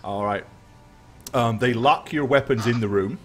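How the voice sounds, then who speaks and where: A man running a tabletop game as game master, narrating scenes in a relaxed way and laughing often. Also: mid-range voice, measured pace, soft background music. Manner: relaxed, laughing often, thanks stream followers.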